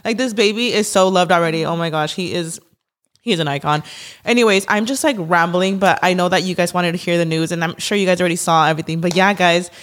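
A woman in her thirties hosting a podcast, chatting casually and rambling excitedly with many fillers. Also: lowish voice, fast talker. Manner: gushing, rambling, lots of "like" and "y'all". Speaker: podcast host. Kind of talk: casual chat.

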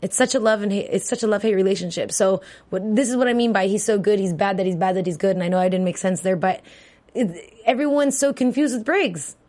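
A woman's voice: medium pitch, fast talker, darkish tone. A woman co-hosting a TV recap show, chatting casually and rambling with restarts.

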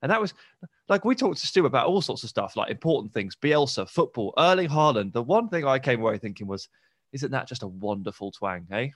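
A man co-hosts a football podcast, chatty and enthusiastic with a teasing edge. His voice sits at an ordinary middle pitch, recorded close and dry. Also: sing-song, quick pace, no echo. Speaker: podcast co-host. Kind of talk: casual football podcast chat.

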